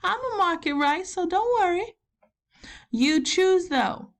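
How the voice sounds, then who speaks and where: High-voiced folksy southern granny filling in as teacher, played by a woman, encouraging, walks kids through each step. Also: animated, slow pace, full character voice. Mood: patient. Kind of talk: recorded math lesson.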